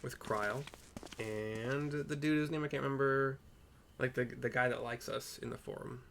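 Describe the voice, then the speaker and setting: A man's voice: medium pitch, steady tone, moderate pace, vocal fry, a bit bright. A man casually narrating and describing a game story, with chatty muttered asides. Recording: game music underneath.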